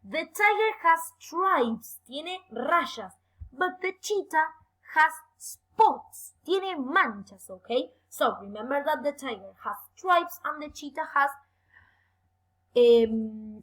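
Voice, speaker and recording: A young woman leads a bilingual English lesson for children. Her voice sits high and sounds bright, and her pitch swings widely. She is encouraging throughout and slows down to stress each new word. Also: poor audio. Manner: lively, encouraging, slow careful emphasis on words. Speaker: English teacher.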